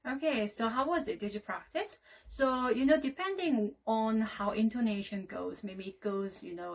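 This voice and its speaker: A woman teaching English intonation in a lecture, explaining step by step and checking in often. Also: medium pitch. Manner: explains slowly, with frequent "okay?" checks.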